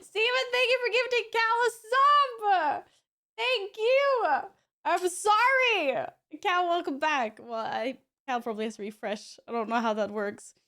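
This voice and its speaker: High, unhurried bubbly woman streamer. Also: bright, forceful tone. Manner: bubbly, giggly, apologetic. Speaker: live streamer. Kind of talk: casual stream chat.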